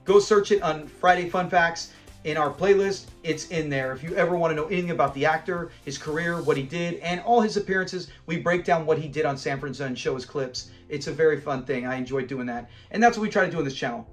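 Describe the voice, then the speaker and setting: A man hosting a fan channel, giving a casual, animated recap of a classic sitcom episode and acting out lines as he goes. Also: a little high, quick pace, soft background music. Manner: animated, retells scenes while acting out lines and laughing.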